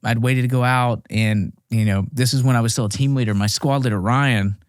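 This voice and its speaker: A male Marine veteran tells a war story as an interview guest, acting out each quoted line in character. His voice sits in a middling pitch and is recorded up close and dry. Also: steady tone, a little fast, clean tone, dry recording.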